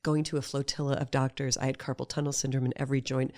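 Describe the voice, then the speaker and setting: A middle-aged woman, a guest in a casual conversation, talking in an animated way and acting out quoted voices as she tells her stories. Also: rumbling low, fast. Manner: animated storyteller who acts out quoted voices.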